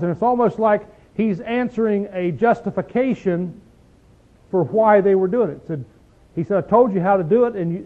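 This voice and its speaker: A man preaching a conversational Bible study in a folksy, emphatic way, often checking in with "see?" and "okay?" and clearing his throat. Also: sits high. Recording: tinny phone-like sound.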